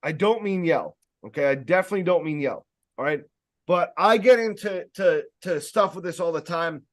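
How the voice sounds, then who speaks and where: A man giving a casual sales training talk, speaking loudly and emphatically, with rambling jokey asides and plenty of fillers. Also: on the high side, lively intonation, normal speed. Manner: loud, emphatic, projecting voice.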